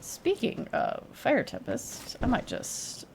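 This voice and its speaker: Slow-talking woman streaming a game. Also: on the high side, huge pitch swings, vocal fry, darkish tone, a little hiss or hum. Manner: chatty, emotional, jokey reactions. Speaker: streamer playing a video game. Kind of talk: casual gameplay commentary.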